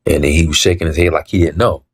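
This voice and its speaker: Husky low-voiced man telling his story. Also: steady tone, fast talker. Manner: repetitive, emphatic, acts out quoted dialogue; frequent throat clearing. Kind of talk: casual storytelling monologue.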